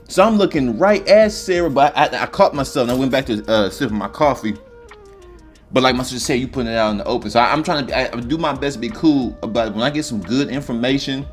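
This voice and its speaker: Male storyteller, rambling and profane, mid-pitched, light music bed. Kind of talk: comedic storytelling.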